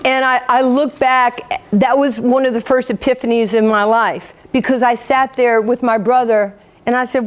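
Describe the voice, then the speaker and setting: A woman in her fifties from New York gives a motivational speech, telling her life story with animated, self-mocking humor and acting out the people in it. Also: a little high, moderate pace, hardly any pauses. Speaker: motivational speaker.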